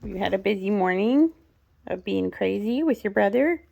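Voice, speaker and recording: A woman's voice: mid-range voice, lively intonation, moderate pace, creaky, darkish tone, dry recording, dull audio. A middle-aged woman chatting casually and rambling through a home vlog. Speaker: vlogger. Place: home, indoors. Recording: noisy home recording.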